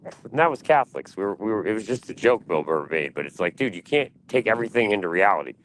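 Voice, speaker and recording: A man's voice: on the low side, big pitch swings, fast talker, slight background noise. A man ranting bluntly and profanely on a casual talk panel, rambling from one gripe to the next. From United States. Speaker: podcast panelist. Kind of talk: casual opinion rant.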